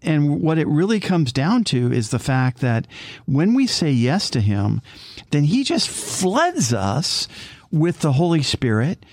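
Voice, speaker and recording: A man's voice: fairly high pitch, very animated, takes it slowly, darkish tone, no echo, clean studio sound. A man co-hosting a faith conversation, exhorting listeners with emphatic rhetorical questions. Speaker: co-host.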